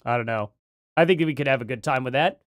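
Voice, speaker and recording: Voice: medium pitch, quick pace, dry recording. Dry-voiced, rambling live streamer. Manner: rambling, jokey, rising to heated rants. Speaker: streamer reacting to a debate.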